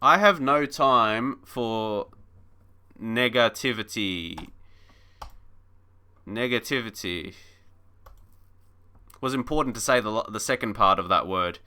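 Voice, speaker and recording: A man's voice: lowish voice, measured pace, bright, forceful tone, clear, resonant tone. A man commentating casually on a live stream of a football management game, chatty and mock-frustrated, laughing and talking to his chat.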